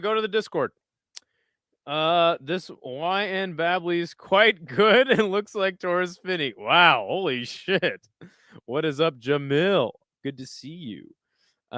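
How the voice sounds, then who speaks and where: A man's voice: on the high side, smooth, no room sound. A young man streaming live fight commentary, chatting casually with his viewers and whooping at big moments. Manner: excitable, shouts and whoops at big moments, chatty asides to chat.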